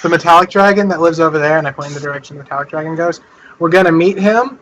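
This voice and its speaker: Eager, bright-voiced man playing a game. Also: fairly high pitch, dull audio, slight background noise. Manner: animated, eager, quick bursts. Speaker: player. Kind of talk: tabletop role-play.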